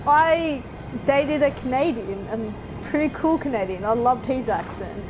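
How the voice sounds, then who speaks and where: A woman's voice: high voice, animated, unhurried, noisy background. A woman with an Australian accent chatting casually while streaming a game, rambling with fillers and giggles. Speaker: gaming streamer. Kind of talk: casual chat while gaming.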